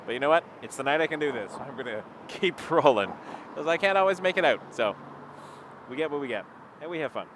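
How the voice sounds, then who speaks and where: A man's voice: fairly high pitch, expressive, brisk. A man with a Toronto Canadian accent, rambling casually to live stream viewers from beside a runway on a cold night. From Toronto area, Canada. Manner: rambling, chatty, reads out viewer comments. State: cold, marching to keep warm. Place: outdoors by an airport runway at night. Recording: outdoor traffic noise.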